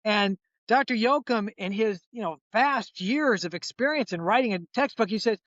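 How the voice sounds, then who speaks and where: A man in his sixties, a chiropractor guest, telling a patient story in lively conversational style. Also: high voice, normal speed, no echo, dull audio. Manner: animated storyteller, acts out quoted voices, frequent restarts.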